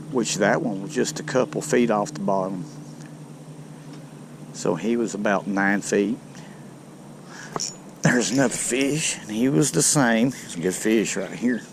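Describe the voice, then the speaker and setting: Guy narrating his fishing trip, slow gravelly drawl, folksy, noisy outdoor boat sound. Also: medium pitch. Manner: folksy and chatty, talks to fish. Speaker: fishing video host. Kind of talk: casual outdoor fishing commentary.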